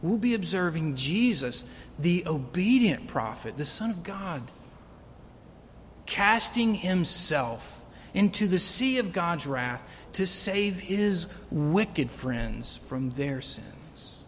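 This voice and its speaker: Slow earnest preacher guy, kinda high voice, big echoey hall. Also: animated. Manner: earnest, swelling to emphatic peaks. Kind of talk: sermon. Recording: long reverb of a hall, faint rumble.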